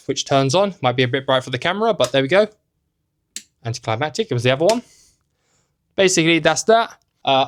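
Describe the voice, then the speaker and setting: A young man with a mid-range voice gives a casual, joking tour of a small hotel room, filmed on a handheld camera, with slight background noise. He's a travel vlogger and host, chatty and full of offhand asides.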